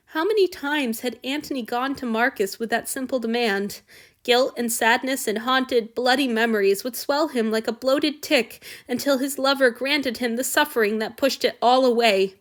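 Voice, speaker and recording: A woman narrating a story aloud in a steady, expressive reading style. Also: a little high, normal speed. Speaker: reader. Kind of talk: audiobook narration of fan fiction.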